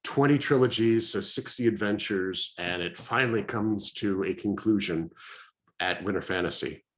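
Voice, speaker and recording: A man's voice: fairly low pitch, moderate pace, a bit bright. An American man, the dungeon master, chatting casually as he wraps up a game stream, with many fillers and restarts.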